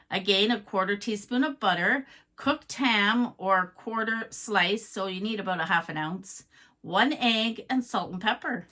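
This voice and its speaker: A woman with a bright, forward voice and a lilting Irish-tinged Canadian accent. She talks in an easy, homely way, unhurried and full of little fillers as she walks through her finds. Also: medium pitch. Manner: chatty and homely, reads lists aloud with fillers. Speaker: vlogger showing auction finds. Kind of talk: casual show-and-tell.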